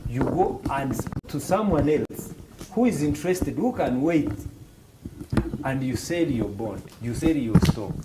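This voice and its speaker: In a very noisy recording, a Rwandan English-accented man with a medium-pitched voice speaks a little slowly. He's a financial literacy instructor walking students through financial markets, acting out short exchanges in raised voices, animated but often restarting hesitantly.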